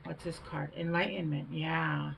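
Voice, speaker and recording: A woman's voice: deep voice, fairly even intonation, measured pace, creaky, slight background noise, low-quality recording. A woman doing a casual tarot reading, chatty and rambling, thinking aloud with fillers, recorded at home on a camera mic. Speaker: tarot reader.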